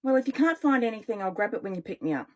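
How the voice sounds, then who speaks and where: A woman's voice: medium pitch, very animated, rapid-fire, natural voice. A woman voicing a fussy, demanding friend who insists on organic food in a read-aloud novel.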